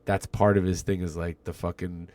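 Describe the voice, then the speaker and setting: A man's voice: deep voice, level tone, normal speed, darkish tone. A middle-aged man co-hosting a podcast, chatting casually and swearing freely as he rambles through a movie review. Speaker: podcast co-host. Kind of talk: casual chat.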